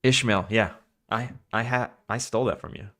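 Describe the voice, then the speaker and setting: A man's voice: fairly low pitch, normal speed, fairly bright tone. A man from Long Island with a Long Island accent, streaming a game and chatting casually with his viewers in a rambling, chuckling way. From Long Island, New York. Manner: chatty, rambling, chuckles while talking to chat. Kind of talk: casual chat while gaming.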